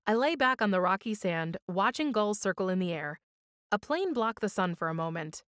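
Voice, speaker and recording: A woman reading a children's story aloud for storytime, with expressive, measured storytelling. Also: mid-range voice, dry recording, clean studio sound. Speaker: storytime reader.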